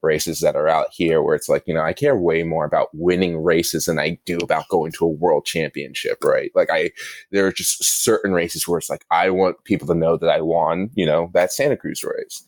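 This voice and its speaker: A young man with a low, deep voice talks about racing in a loose, rambling way. He corrects himself mid-sentence and often laughs between phrases. The sound is dry and close to the mic. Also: steady tone, normal speed, no echo. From Northern California. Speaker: guest athlete. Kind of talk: casual interview talk.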